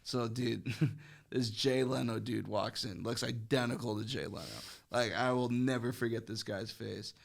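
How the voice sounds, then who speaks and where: A man's voice: medium pitch, fairly even intonation, normal speed, vocal fry. A young man guesting on a podcast, telling a story in a rambling, casual way, full of fillers and swearing.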